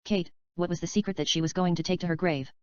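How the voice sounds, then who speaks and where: A woman's voice: on the low side, steady tone, fast, clean tone, dry recording, lightly acted. Kate, a woman reading a teasing actress. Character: adult actress, teasing and provocative. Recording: dull, slightly lo-fi dry recording.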